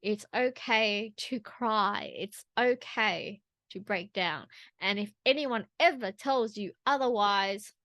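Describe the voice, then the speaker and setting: A woman's voice: mid-range voice, takes it slowly, fairly bright tone, dry recording. Earnest, rambling woman vlogger. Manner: earnest, rambling, with restarts and asides. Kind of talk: personal vlog talk to camera.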